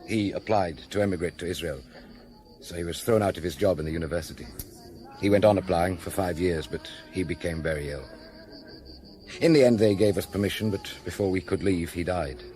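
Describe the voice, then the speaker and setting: A man's voice: low voice, brisk, warm tone, faint music behind, natural voice. An actor playing a male police inspector who narrates and chats with understated, dry humour in a radio drama. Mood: wry.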